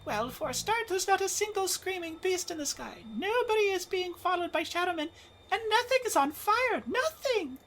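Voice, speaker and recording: A woman's voice: very high-pitched, lively intonation, moderate pace, a bit bright, full character voice. A woman voicing a cheerful young female passenger with morbid tastes, reading game dialogue aloud. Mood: chirpy.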